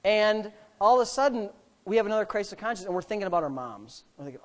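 A man's voice: sits high, fast talker. A middle-aged man, a pastor, telling a story in a sermon and acting out the voices. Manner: animated, acts out voices.

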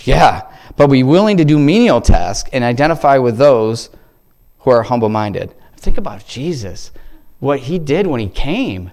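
A man's voice: medium pitch, sing-song, measured pace, darkish tone. A man giving an informal devotional talk to a church group. He rambles, breaks off mid-sentence and keeps exclaiming praise. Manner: rambling, self-interrupting, exclamatory. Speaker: lay church speaker.

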